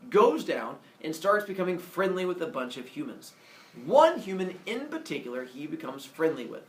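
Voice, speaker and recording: Playful male teacher storytelling to a class; lively pitch, distant and roomy recording with faint hiss. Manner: animated, playful, acts out characters. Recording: echoey classroom from far off, faint noise.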